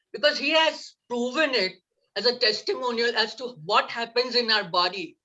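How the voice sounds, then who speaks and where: A woman's voice: fairly high pitch, pushed and bright, lo-fi sound. A woman leading a laughter yoga class over a video call, upbeat and coaxing, laughing often as she talks.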